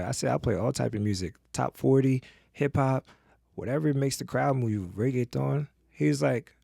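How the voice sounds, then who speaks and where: A man telling a story on a podcast in a casual, profane way, acting out the people in it with lively voices. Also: medium pitch, a little slow, gravelly, dry recording, studio quality. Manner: animated, profane, acts out the people in his stories. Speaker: podcast guest.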